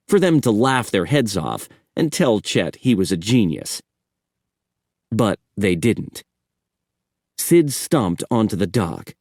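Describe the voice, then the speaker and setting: Slow expressive male audiobook narrator. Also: fairly low pitch, dry recording, studio quality. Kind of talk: scripted horror audiobook narration.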